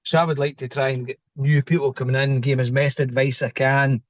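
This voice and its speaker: Heard on a lo-fi recording with no room sound, a middle-aged Scottish man talks at a slightly quick clip in a medium-pitched voice. He's a lorry driver animatedly relating an anecdote in casual chat, acting out the people in it.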